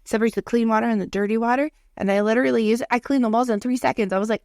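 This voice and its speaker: A woman in her thirties co-hosts a podcast, chatting casually and telling stories sprinkled with quoted asides. Her voice is on the high side, steady and slightly mellow, and she races along with few pauses. The recording is clean studio sound with no room echo.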